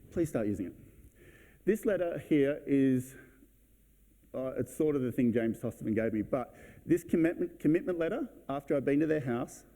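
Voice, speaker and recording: A man giving a conference talk to fellow real estate agents, brisk and blunt, acting out his client conversations. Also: mid-range voice, dark tone. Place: event hall.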